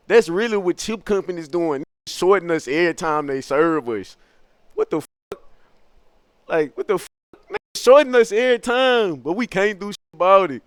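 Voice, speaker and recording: A young man riffing on stream, swearing freely and musing out loud in bursts. His voice sits a bit high and sounds smooth and clear. The sound is close and dry, with no room around it. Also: dry recording. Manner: profane, musing, animated. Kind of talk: rambling comic stream monologue.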